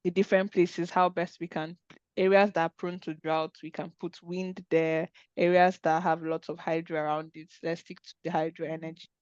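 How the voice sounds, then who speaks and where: A woman's voice: lowish voice, level tone, normal speed, a little mellow, clean tone, no room sound, highs cut off. A woman hosting an online webinar discussion, talking in an earnest, conversational way over a video call. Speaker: webinar host.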